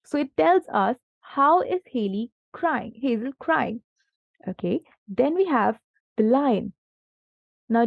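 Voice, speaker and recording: Slow, patient woman tutoring a child. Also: a little high, gravelly, dry recording, muffled recording. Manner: patient, encouraging, asks many questions. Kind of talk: one-on-one grammar lesson for a child.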